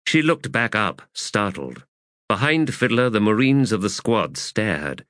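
A man reading fantasy fiction aloud as an audiobook narrator, measured and expressive. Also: on the low side, dry recording, studio quality.

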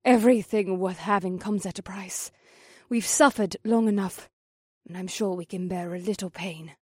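Firm, high-voiced female siren played by a man, blunt and unflinching, audiobook figure. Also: normal speed, husky, dry recording, studio quality. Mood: resolute. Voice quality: high falsetto. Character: resolute female siren, red-haired.

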